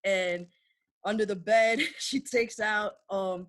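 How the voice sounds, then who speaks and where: A woman's voice: mid-range voice, takes it slowly, dry recording. A woman in her twenties telling a family story in a casual chat, acting out quotes, swearing freely and laughing often. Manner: animated storyteller, acts out quotes.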